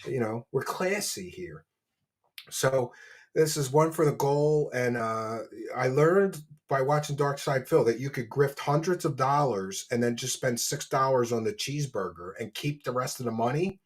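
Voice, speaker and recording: A man's voice: mid-range voice, normal speed. A man hosting a livestream, mocking and crude, chatting as he eats. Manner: mocking, crude, talks while eating. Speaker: streamer host. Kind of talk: casual livestream commentary.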